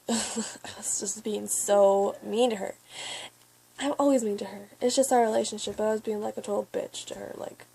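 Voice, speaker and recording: A teenage girl telling a long, rambling story to camera in a chatty way. She often swears and then apologizes, and she keeps breaking off into quick asides. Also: fairly high pitch, fairly even intonation, warm tone. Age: teens. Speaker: vlogger.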